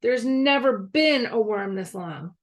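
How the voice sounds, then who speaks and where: A shrill young boy who cries foul at every trick, as a woman reads him aloud. His voice is high and strained, with a gravelly edge underneath. It comes from a storybook reading. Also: animated, slow pace. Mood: suspicious. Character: indignant boy, suspicious and shrill.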